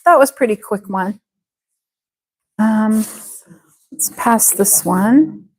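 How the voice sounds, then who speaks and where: Slow, patient woman teacher. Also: medium pitch, animated, darkish tone, low-quality recording. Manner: patient, slow, stretches out words to model pronunciation. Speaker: English teacher. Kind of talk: live online English class.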